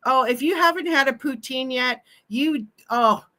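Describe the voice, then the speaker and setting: Bright, laughing Pacific Northwest woman. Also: sits high, moderate pace, few pauses. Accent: Pacific Northwest American. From Washington State, USA. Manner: chatty, laughs often, many fillers. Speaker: livestream host. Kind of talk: casual chat.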